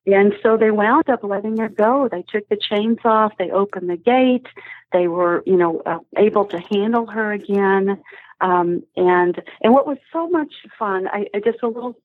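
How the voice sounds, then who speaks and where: Heard over a husky, tinny, dry phone line, a woman with a medium-pitched voice speaks at a normal speed with no room sound. As a podcast interview guest, she enthusiastically tells stories about animals.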